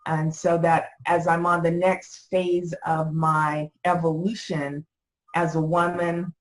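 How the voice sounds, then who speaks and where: A woman's voice: deep voice, level tone, slow pace, low-quality recording. A woman guest on a podcast, talking reflectively with lots of "you know" fillers. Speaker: podcast guest, business owner. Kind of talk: casual interview talk.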